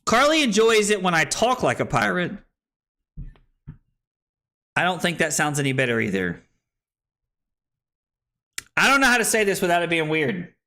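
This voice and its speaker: A man's voice: a little high, very animated, moderate pace, pauses often, sharp tone. A young man streaming a card game live, talking through his plays and joking with chat in a playful, self-deprecating way. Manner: playful, self-deprecating, chatting with viewers while playing.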